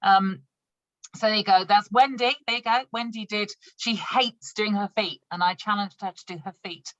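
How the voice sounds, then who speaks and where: This woman runs an online session for new consultants on a video call, showing products as she goes and keeping things chatty and upbeat with plenty of laughs. Her medium-pitched voice is fairly bright, with fairly even intonation and a moderate pace. The recording is dry and the audio dull.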